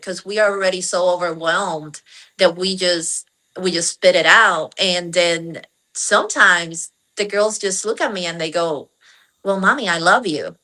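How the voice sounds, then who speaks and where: A woman's voice: lowish voice, bright, forceful tone, rough recording. A woman, a guest in a talk, telling an everyday story from family life and laughing often. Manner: laughs often, tells personal anecdotes. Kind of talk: casual chat.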